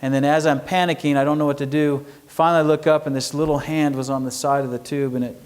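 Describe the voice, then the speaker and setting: A man's voice: fairly high pitch, little pitch movement, fast talker, a little mellow. Folksy middle-aged man lecturing students. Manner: folksy storytelling, asks the audience questions. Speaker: entrepreneur speaker. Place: university lecture hall.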